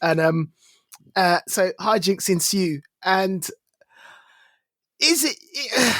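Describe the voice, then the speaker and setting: A man's voice: high-pitched, expressive, takes it slowly, long pauses, fairly bright tone, no room sound, studio quality. A man co-hosting a casual podcast, recapping a film in a rambling way, laughing and losing his thread. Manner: rambling, giggly recapper who loses his train of thought. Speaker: podcast co-host. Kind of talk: casual chat.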